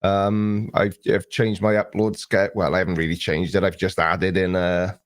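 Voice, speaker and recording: Recorded dry on a desk mic, the man speaks in a low, level voice at a moderate pace. As host of an early morning livestream, he reads viewer comments, says hello to people by name, and chats about them in a loose, rambling way.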